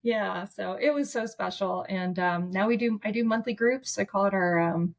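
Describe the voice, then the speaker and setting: A woman's voice: medium pitch, normal speed, gravelly. A woman therapist, a podcast guest, telling a story casually and from the heart, with lots of "like" and restarts.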